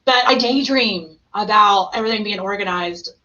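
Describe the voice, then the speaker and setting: Bright-voiced woman chatting on a podcast. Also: medium pitch, moderate pace. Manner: animated, laughing storyteller. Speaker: podcast host. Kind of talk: casual chat. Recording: slightly muffled with faint hiss.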